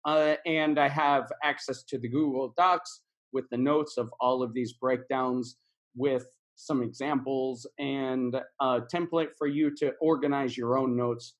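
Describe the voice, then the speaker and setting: A man's voice: medium pitch, fairly even intonation, measured pace. A man teaching English in a casual video lesson, repeating words and phrases for practice.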